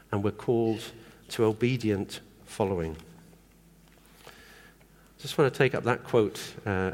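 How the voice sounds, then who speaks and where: A man preaching a sermon in a conversational way, often asking the congregation questions. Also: fairly low pitch. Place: church hall. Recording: long hall reverb.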